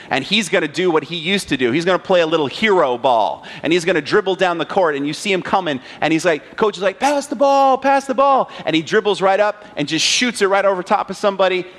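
A man with a somewhat high voice preaches from the pulpit. He turns a film scene into a lively story, acting out each moment. Now and then he throws a question out to the congregation. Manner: animated retelling, acting out scenes; rhetorical questions to the audience. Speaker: pastor. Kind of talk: sermon with storytelling.

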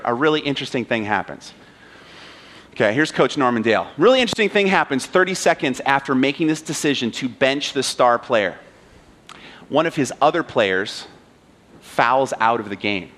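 A pastor giving a sermon, retelling a film scene in an animated way and asking the audience questions. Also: male voice, medium pitch. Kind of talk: sermon with storytelling.

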